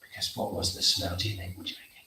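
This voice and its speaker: A man leading an interactive storytelling workshop for children, acting out the story and calling for responses. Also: very fast. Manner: animated, leads actions and call-and-response. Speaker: theatre workshop leader. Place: school hall. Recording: echoey hall, distant mic, faint noise.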